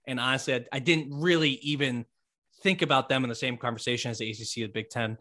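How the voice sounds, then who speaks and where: Talking fast at a medium pitch, this sports podcast co-host keeps the chat casual. He's animated and emphatic, and he repeats himself to drive points home.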